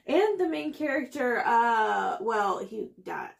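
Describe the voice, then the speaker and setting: A woman co-hosting a podcast in casual chat, excitable, laughing and swearing freely. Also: fairly high pitch, takes it slowly, gravelly. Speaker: podcast co-host.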